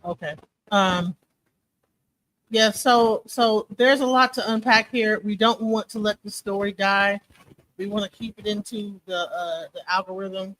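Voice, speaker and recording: A woman's voice: medium pitch, steady tone, unhurried, fairly bright tone, poor audio. A woman co-hosting a live commentary stream, talking casually and rambling, often checking in with "you know what I'm saying.".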